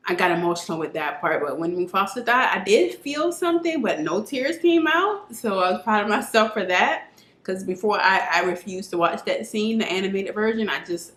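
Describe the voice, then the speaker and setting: Female vlogger, mid-pitched, casual and earnest, self-filmed with a camera mic in a roomy, echoey room. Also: a bit bright. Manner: chatty, filler-heavy, earnest. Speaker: film review vlogger. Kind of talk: casual movie review chat.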